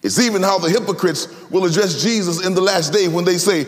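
A man preaching a sermon dramatically, slowing for emphasis and rising into sing-song phrases. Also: big-room sound. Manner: dramatic, swinging between slow low emphasis and high, sing-song rises.

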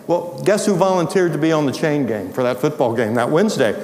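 A male teacher from the US Midwest telling an animated personal story and acting out the dialogue. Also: fairly high pitch, a little fast, few pauses. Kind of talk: storytelling testimony. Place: large hall. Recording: echoey hall reverb.

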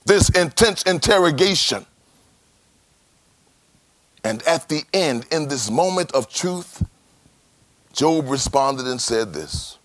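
Animated, dramatic preaching man. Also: fairly high pitch, slow, pauses often, no room sound. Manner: dramatic, animated, rhetorical questions. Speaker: pastor. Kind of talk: sermon.

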